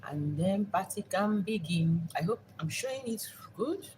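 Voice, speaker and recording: Woman, cooking vlog host, live stream, slow drawn-out delivery, repetitive, savoring food, faint background noise. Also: mid-range voice, lively intonation, a little mellow. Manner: repetitive, unhurried, savoring food while talking.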